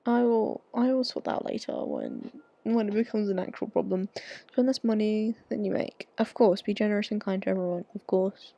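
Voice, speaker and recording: A woman's voice: mid-range voice, big pitch swings, normal speed, vocal fry, dark tone, dry recording, muffled recording. A young woman streaming a dating game, chatting, swearing freely and reading the story aloud with jokey asides. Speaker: gaming streamer.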